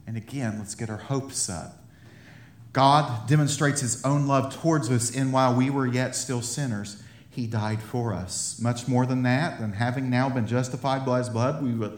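A male pastor preaching a sermon in an animated way, laughing often and building up to excited emphasis. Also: medium pitch. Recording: roomy echo of a hall.

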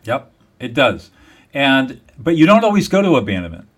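A man's voice: medium pitch, big pitch swings, moderate pace. A man speaking as a guest in an interview, explaining a method step by step in an emphatic, repetitive teaching manner. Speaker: guest, mediator.

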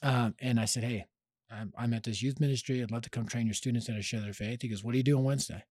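Male podcast guest, animated storyteller, average pitch, dry close recording. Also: quick pace, breathy edge, no room sound. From Denver, United States. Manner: energetic, acts out quoted voices, punchy. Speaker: podcast guest, youth ministry leader.

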